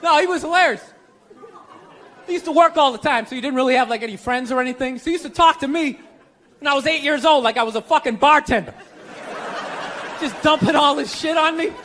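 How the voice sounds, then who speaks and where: Bright, high-voiced man doing stand-up. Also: brisk, pauses often. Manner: storytelling, cursing, conversational with audience. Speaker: stand-up comedian. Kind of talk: stand-up comedy set. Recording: live stand-up with faint crowd and noise.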